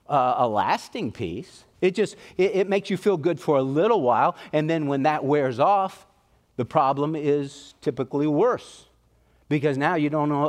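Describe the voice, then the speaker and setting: A middle-aged man preaching a sermon in a folksy, conversational way, telling personal stories. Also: fairly high pitch.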